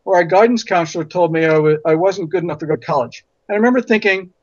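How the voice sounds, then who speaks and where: A man's voice: high voice, fast, dry recording. A man guest in an interview, a physician telling stories emphatically and repeating words for stress. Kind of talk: interview conversation. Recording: dull lo-fi audio.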